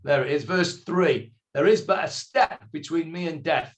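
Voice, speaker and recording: A man teaching a Bible study class, explaining slowly, quoting the figures in character and asking his students questions. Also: fairly high pitch.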